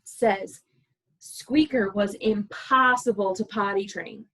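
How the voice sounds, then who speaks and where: A woman librarian reading a picture book aloud to preschoolers, animated and playful, asking the children questions as she goes. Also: medium pitch, takes it slowly, poor audio.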